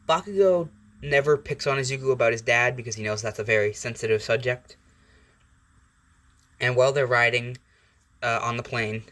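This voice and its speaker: A man's voice: lowish voice, fairly bright tone. A young man hosting his channel, telling a fan story in a chatty, rambling way with fillers and self-corrections. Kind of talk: casual fan-fiction storytelling.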